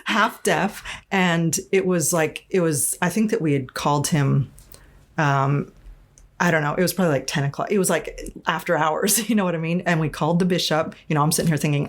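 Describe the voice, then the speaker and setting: Speaking at a moderate pace in a low-pitched voice, an Arizona woman tells a personal story as a guest in a casual podcast interview. She's frank and open, with plenty of restarts and occasional swearing.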